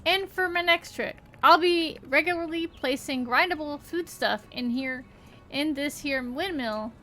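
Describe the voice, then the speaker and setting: A woman's voice: high-pitched, unhurried, sharp tone. A woman voicing a boastful, scheming male rancher in a put-on rural Southern drawl, full of folksy theatrics.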